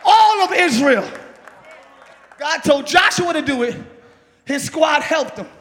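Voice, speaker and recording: A male pastor preaching a sermon in a large church hall, shouting and calling on the congregation to respond. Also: very high voice, expressive, slow. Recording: live church hall with long reverb, crowd noise.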